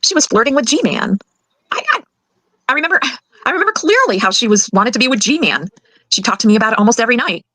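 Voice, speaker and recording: Older grandma ranting fast, fed up and worked up, dry close sound. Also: female voice, on the high side, very animated, pushed and bright, no echo, poor audio. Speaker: grandmother telling her side. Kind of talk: emotional recorded account.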